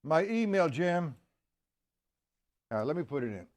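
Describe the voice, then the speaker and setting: A man's voice: a little high, big pitch swings, moderate pace, darkish tone. A man teaching a live-streamed drum lesson in a casual way. He greets viewers by name and counts beats aloud. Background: drums and music.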